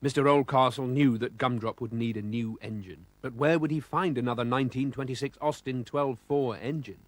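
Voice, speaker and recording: A man's voice: mid-range voice, fairly even intonation, fairly quick, no echo. A man with a British accent narrating a children's storybook expressively, voicing sound effects.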